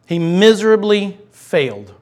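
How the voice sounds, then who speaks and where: A middle-aged male pastor preaching a sermon, impassioned, swinging from loud declarations to hushed, intimate passages. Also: sits high, big pitch swings, unhurried.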